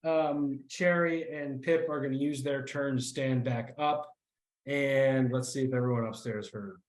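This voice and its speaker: A man running a tabletop game as game master, talking in a halting way with many fillers. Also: mid-range voice, fairly even intonation, roomy sound, poor audio.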